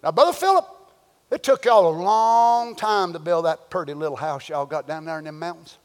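A man preaching a sermon, swinging between folksy storytelling and shouted, drawn-out exhortation. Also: a little high, in a large hall. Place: church sanctuary.

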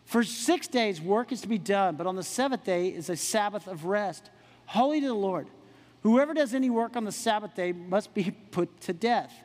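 A man preaching a sermon, animated, with quick asides and rhetorical questions to the congregation. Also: high-pitched, long reverb tail. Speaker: pastor.

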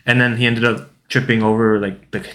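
A man's voice: mid-range voice, flat delivery, fairly quick, fairly bright tone. A man co-hosting a casual podcast chat, laid-back and mostly chiming in with short agreeing replies.

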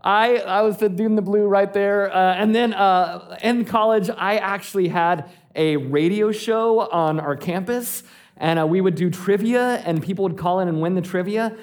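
A man in his forties, a pastor giving a sermon, telling a personal story with lively energy and frequent laughter. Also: high-pitched. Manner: animated storytelling, laughing often.

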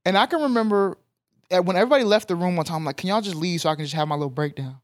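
A young man tells a story on a podcast, animated and emphatic. His voice sits fairly high for a man. The sound is close and dry, with no room echo. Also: rapid-fire. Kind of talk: casual storytelling chat.

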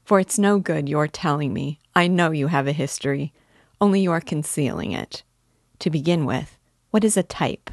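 A woman's voice: sits low, normal speed, no room sound, clean studio sound. Nastenka, a woman reading a teasing young girl. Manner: teasing, eager questions. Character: lively playful young woman, teasing and curious. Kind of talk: audiobook character reading.

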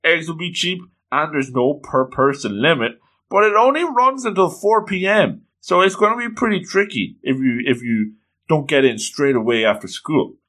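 A man voicing a blunt, teasing teenage schoolgirl in a lively anime recap. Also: on the high side, moderate pace. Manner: matter-of-fact, teasing.

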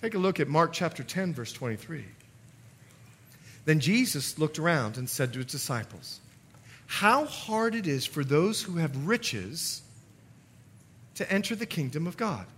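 Animated preaching pastor with a bright voice. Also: male voice, on the high side, measured pace, long pauses, slightly rough. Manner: animated, rising to loud emphatic passages. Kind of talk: sermon. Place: church sanctuary.

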